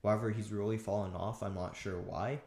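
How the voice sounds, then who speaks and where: Low-voiced man breaking down draft picks. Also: steady tone, a little fast, a little mellow, reverberant. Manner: casual, with restarts and fillers. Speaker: sports commentator. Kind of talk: solo draft analysis talk.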